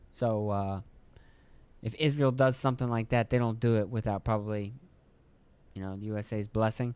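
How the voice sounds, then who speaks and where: A man's voice: fairly low pitch, fairly even intonation, normal speed, long pauses, darkish tone, clear, resonant tone, no room sound. A man hosting a solo podcast, reading news notes and breaking off into offhand, profane asides. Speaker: podcast host.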